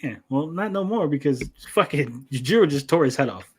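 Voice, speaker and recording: A man's voice: fairly high pitch, animated, brisk, slightly rough. A man co-hosting an anime review podcast, casually retelling scenes with swearing and acted-out quotes. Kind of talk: casual chat.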